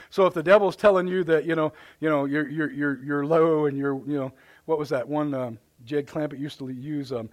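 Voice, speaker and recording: Brief: middle-aged man, folksy live sermon, halting restarts, higher voice. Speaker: preacher. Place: church sanctuary.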